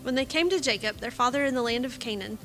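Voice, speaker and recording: Woman, scripture reading, measured and steady, higher voice, faint music behind. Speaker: scripture reader.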